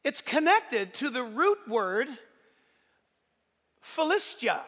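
A pastor preaching a sermon, emphatic and joking, often building to shouts. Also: male voice, very high voice, very animated, takes it slowly, in a large hall.

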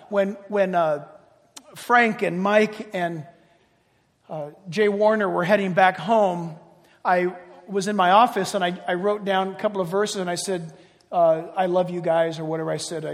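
An older male pastor preaching a sermon, passionate and emphatic, then dropping into quiet chatty asides. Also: high-pitched. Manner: impassioned, swinging from loud emphatic cries to quiet chatty asides. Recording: long reverb of a large hall.

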